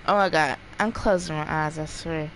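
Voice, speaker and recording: A gaming streamer giving live commentary while playing, jumpy, often yelling and laughing and talking to the chat. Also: mid-range voice, slight background noise, rough recording.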